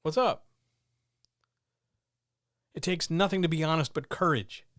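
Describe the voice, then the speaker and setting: Speaking into a mic at home beside his cats, this male streamer gives a candid, motivational talk full of profanity, blunt but sincere. His pitch is fairly high, his pace unhurried, and his tone a bit bright, captured echo-free in studio quality.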